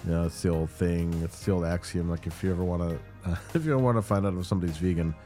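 A man's voice: low-pitched, racing, dark tone, faint music behind. A man co-hosting a podcast in casual chat, feeling unwell, reacting with short exclamations. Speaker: podcast co-host.

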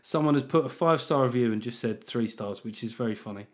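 A man's voice: mid-range voice, fast. A male comedian hosting his podcast, reading listener reviews with wry, self-mocking asides. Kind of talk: casual comedic chat.

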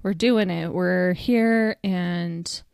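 A woman's voice: lowish voice, fairly even intonation, drawn-out words, creaky, a little mellow, clear, resonant tone, no room sound, clean studio sound. A woman co-hosting a podcast in casual chat. She is easygoing and blunt, laughs often, and says she is a little sleep deprived. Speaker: podcast co-host.

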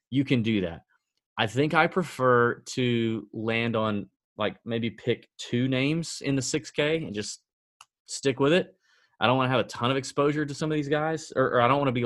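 A man with a mid-range voice co-hosts a podcast and chats casually about golf betting picks. He sounds sardonic and conversational, talks his thoughts through out loud and corrects himself as he goes. The recording is dry and close, with no room echo. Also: mid-range voice. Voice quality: conversational, sardonic, thinks aloud with fillers and self-corrections. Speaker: podcast co-host. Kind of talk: casual sports-betting chat.

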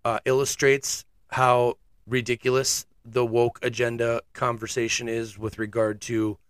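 A man's voice: medium pitch, little pitch movement, measured pace, clean tone, no room sound, clean studio sound. A man hosting his own podcast, giving blunt, sarcastic, fiery commentary. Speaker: podcast host. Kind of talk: opinionated commentary.

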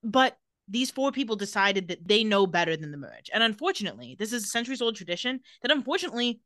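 Bright, lively woman co-host, dry close sound, recapping a show in casual chat. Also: mid-range voice, dry recording. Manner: animated, reads out scenes with quick quoted lines. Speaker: podcast co-host.

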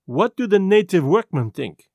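A man reading an audiobook voices a fussy, precise Belgian detective, asking measured questions. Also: sits high, big pitch swings, a little mellow, dry recording, lo-fi sound, full character voice. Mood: probing. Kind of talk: audiobook character voice.

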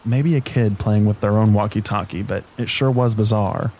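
Male narrator for bedtime horror stories, deep and dark-toned, reading calmly over rain. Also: normal speed, slight background noise, rough recording. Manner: calm, even sleep-story reading. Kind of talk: scripted narration of scary stories.

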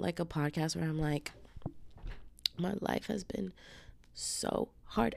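A woman's voice: sits low, vocal fry, a little mellow, dry recording. A woman hosting her own podcast while sick with the flu, chatting casually in a slangy, profane way and calling her listeners babes. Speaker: podcast host. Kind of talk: casual solo podcast chat.

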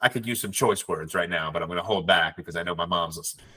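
A man's voice: low voice, quick pace, crowd noise, low-quality recording. A man co-hosting a podcast, chatting in an easygoing, agreeable way. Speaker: podcast co-host. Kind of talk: casual podcast chat.

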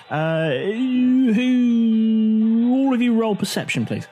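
A man's voice: high-pitched, big pitch swings, takes it slowly, warm tone, faint music behind. A man running a tabletop game as dungeon master, narrating scenes and laughing often.

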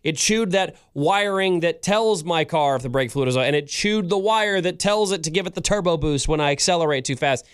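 A man co-hosting a podcast, telling a story in a wry, teasing, expressive way. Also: fairly high pitch, brisk, hardly any pauses, clear, resonant tone. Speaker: radio co-host. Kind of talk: casual podcast chat.

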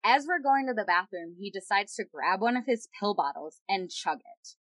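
A woman recounts a story in a loose, chatty way, her talk full of "like" and quick asides. Her voice sits at an ordinary middle pitch. The sound is dry and close, with no room echo. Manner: animated, heavy use of "like". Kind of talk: casual storytelling.

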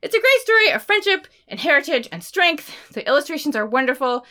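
A woman co-hosting a book podcast, chatting casually and talking about books in an excited, expressive way. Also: high-pitched, fairly quick. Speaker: podcast co-host.

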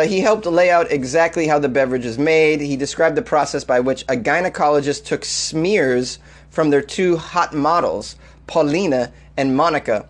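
A man with a slightly high-pitched voice hosts a comedy news show. He talks in a loose, riffing way, breaking into laughter and disbelief as he goes. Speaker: comedy news podcast host. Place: Los Angeles.

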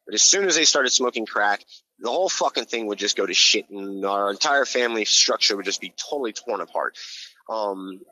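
A man's voice: on the low side, expressive, brisk, bright, forceful tone, poor audio. A man telling his story on a podcast in a casual, blunt way, swearing a lot and restarting his sentences. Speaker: podcast guest.

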